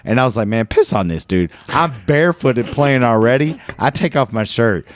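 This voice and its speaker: A man from Kentucky hosting a casual golf podcast, telling stories in an animated, slangy way with loud laughs. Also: mid-range voice, moderate pace, no echo. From Louisville, Kentucky. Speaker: podcast host. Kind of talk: casual storytelling chat.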